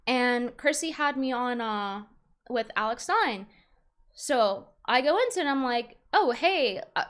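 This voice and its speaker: A woman's voice: high-pitched, a bit bright. A young woman streamer rambling in frustration about a falling-out, with many restarts and fillers. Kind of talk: casual stream commentary.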